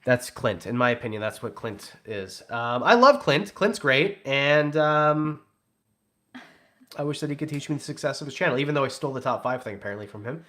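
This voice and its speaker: A man's voice: medium pitch, lively intonation, fairly quick, sharp tone. A man hosting a casual livestream, reading super chats and teasing in a joking, rambling way. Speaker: livestream host.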